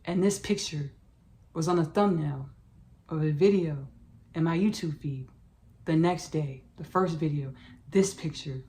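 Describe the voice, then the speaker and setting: A woman's voice: low-pitched, unhurried, long pauses, dark tone. A woman hosting a podcast in casual spiritual talk, effusive and rambling, repeating herself and calling listeners "baby" and "y'all". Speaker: podcast host.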